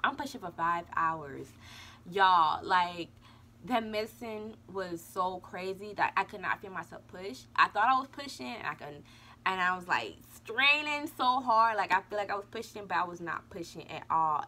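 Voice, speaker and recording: A woman's voice: fairly low pitch, fairly quick, bright, forceful tone, a little hiss or hum. A young woman vlogger casually telling a birth story and talking straight to her viewers. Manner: chatty, addresses viewers as y'all.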